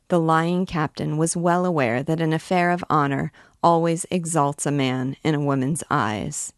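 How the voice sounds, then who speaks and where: A woman reads a classic novel aloud in a measured, steady narration. Her voice sits low. The recording is dry and close, with no room echo. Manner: measured storytelling. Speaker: narrator of a read-along.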